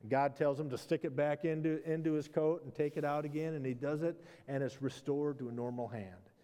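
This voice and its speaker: A man's voice: fairly high pitch, fairly even intonation, brisk, dark tone, big-room sound. A man, a pastor, preaching a conversational sermon, animatedly acting out the exchanges of a story and adding self-deprecating asides.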